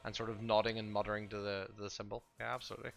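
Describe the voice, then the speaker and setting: A man's voice: fairly low pitch, completely flat delivery, rapid-fire, creaky, faint music behind. A man narrating as game master of a tabletop game, often hesitant and muttering to himself.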